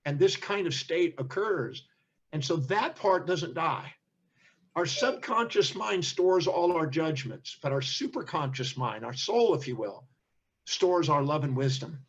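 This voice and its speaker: A man's voice: on the high side, a little slow, husky, muffled recording. An older man, a seminar teacher, telling stories in an interview and acting out the voices of the people in them. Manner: animated storyteller, acts out quoted speech. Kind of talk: storytelling in an interview.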